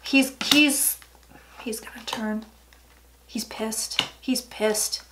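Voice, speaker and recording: A woman's voice: a little high, fairly even intonation, very slow, very noisy. A woman psychic giving a casual tarot reading vlog, chatty and emphatic, often dropping into murmured asides.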